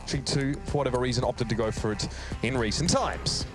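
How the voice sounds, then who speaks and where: A man's voice: mid-range voice, a little fast. An Australian man casting esports, rambling and jokey. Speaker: caster. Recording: studio mic with a loud music bed.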